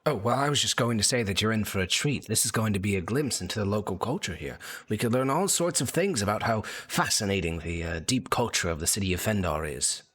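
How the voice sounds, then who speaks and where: A man's voice: on the low side, lively intonation, a little fast, few pauses, a bit bright, breathy edge. A man voicing a naive, easily confused scholar who talks hesitantly and politely. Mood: puzzled.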